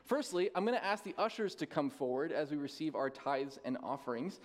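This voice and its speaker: A man in his thirties speaks as the lead pastor of a church, in a voice pitched a little high. He is tired, chatty and self-deprecating, and he laughs easily while giving announcements. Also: fairly quick. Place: church sanctuary.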